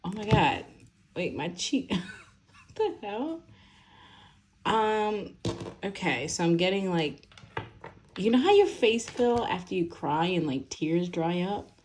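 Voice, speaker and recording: A woman with a low, deep voice gives a casual tarot reading. She rambles and talks loosely, full of fillers and little laughs. She sounds young. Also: expressive, a little slow, a little mellow, a little hiss or hum. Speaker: tarot reader.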